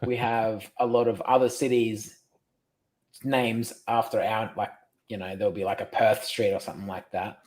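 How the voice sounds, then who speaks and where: A man with an Australian accent, a podcast guest in casual chat, chatty and quick to joke. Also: on the low side, flat delivery, darkish tone.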